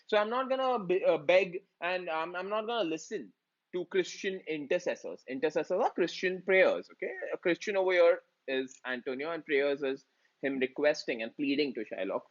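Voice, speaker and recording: A man's voice: on the high side, lively intonation, normal speed, lo-fi sound. A man with an Indian English accent teaching a literature lesson in a chatty way, using slang to explain lines.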